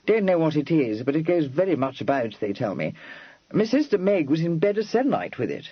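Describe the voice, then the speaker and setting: An amiable young Regency dandy, easygoing and full of slang, as a male narrator plays him. He drawls his clipped phrases in a raised, lively register. The husky voice sits close and dry on a dull, lo-fi audiobook recording. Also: on the high side, a little fast, no echo, pitched above the performer's own voice. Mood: startled.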